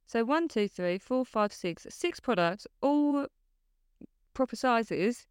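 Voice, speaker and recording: Smooth-voiced chatty woman. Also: on the high side, animated, slow pace, dry recording, clean studio sound. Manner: chatty, enthusiastic, laughs often. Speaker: podcast co-host. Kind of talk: casual chat.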